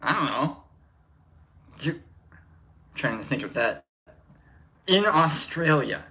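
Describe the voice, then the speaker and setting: Man hosting a livestream, bright tone, animated pitch, meandering jokey chat, greets viewers. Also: slow pace. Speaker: livestream host. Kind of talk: rambling casual livestream chat.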